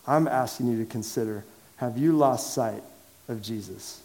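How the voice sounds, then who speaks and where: A man preaching to a large church congregation, conversational and lively, asking them direct questions and raising his voice for emphasis. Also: mid-range voice, moderate pace. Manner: lively and conversational, swings from quiet asides to loud emphatic calls. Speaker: pastor. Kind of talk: sermon. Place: large church sanctuary with a downstairs.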